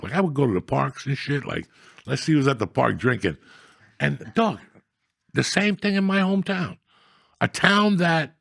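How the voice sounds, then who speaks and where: A man's voice: medium pitch, vocal fry, a bit bright, husky, no room sound, studio quality. A middle-aged man, telling profane, rambling stories in a blunt, casual chat. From New Jersey. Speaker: storyteller guest.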